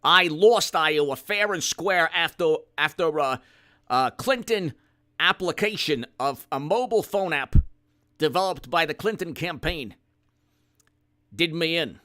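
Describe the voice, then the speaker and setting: A man doing a comedic impression of an elderly senator, hectoring and mock-indignant. The voice sits a little high and sounds bright and forceful, and it stumbles into emphatic restarts. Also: lively intonation, a little slow. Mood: sarcastic.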